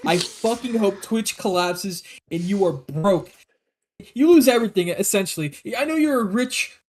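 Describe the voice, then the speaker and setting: A man ranting crudely in casual chat on a stream, laughing often. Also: high voice.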